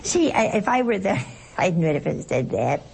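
A woman's voice: mid-range voice, very animated, moderate pace, creaky, darkish tone, slight background noise. A woman teaching a Bible lesson to a group in a folksy way, often throwing rhetorical questions at her listeners.

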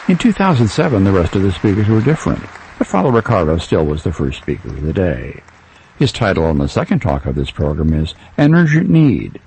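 A man's voice: sits low, creaky, a little mellow, a little hiss or hum, rough recording. A man hosting a program, formally introducing the next recorded talk. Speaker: program host. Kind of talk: announcer introduction.

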